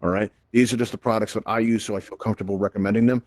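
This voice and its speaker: A man's voice: fairly low pitch, fairly even intonation, very fast, darkish tone, dry recording. A man giving a chatty live tech presentation in virtual reality, often tagging sentences with "right?", speaking through a headset mic. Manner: chatty, tag questions "right?".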